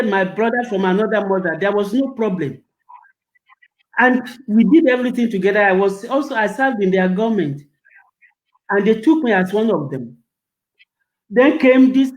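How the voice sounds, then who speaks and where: An older man speaks with passion in an interview, his voice pitched fairly high. He gets emotional and stumbles over repeated words as he presses his point. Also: normal speed, rough recording. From Nigeria. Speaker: guest. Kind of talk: impassioned interview answer.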